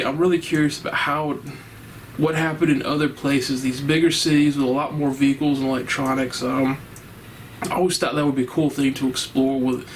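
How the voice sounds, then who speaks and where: A man with a fairly high voice chats through a casual horror movie review. He rambles, repeats himself, and laughs along with his own remarks. A faint hiss runs under the recording. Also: low-quality recording. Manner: enthusiastic, rambling, laughs often.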